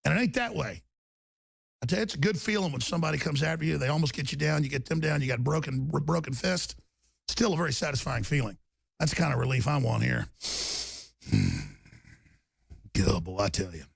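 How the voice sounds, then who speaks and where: A man hosting a radio talk show, delivering an intense, stammering rant that bursts into shouting. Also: on the high side, very animated, fairly quick, vocal fry, long pauses, breathy edge, dry recording.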